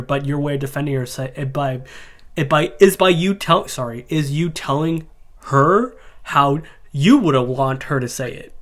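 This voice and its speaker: A man reacting to a video in casual commentary, sarcastic and mocking. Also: fairly high pitch.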